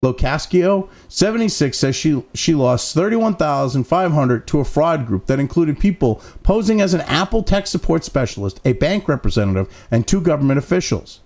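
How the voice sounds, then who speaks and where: Gravelly-voiced male commentary host, profane and sarcastic, pitch swinging wildly between read-outs and rants. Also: sing-song, fairly quick, few pauses, a little mellow. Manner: mocking asides between read-out passages. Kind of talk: ranting news commentary, reading article excerpts.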